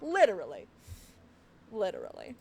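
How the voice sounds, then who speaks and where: A young woman giving casual, laughing reaction commentary on a game, animated and self-mocking. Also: medium pitch, moderate pace, vocal fry, a little hiss or hum. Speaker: game streamer.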